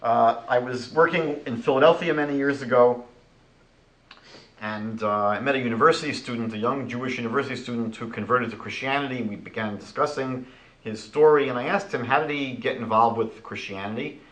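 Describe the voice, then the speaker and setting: A man giving a lecture as a rabbi, animated and rhetorical, retelling conversations. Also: mid-range voice, fairly quick, reverberant, rough recording.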